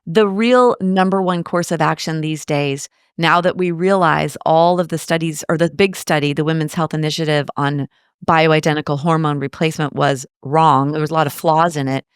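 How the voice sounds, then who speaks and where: A woman in her late fifties from the United States talks in a lively, chatty way. She tells personal stories with rhetorical asides. Her voice sits somewhat low and sounds close and dry. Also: moderate pace, smooth, no room sound. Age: 50s. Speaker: guest. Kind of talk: casual interview conversation.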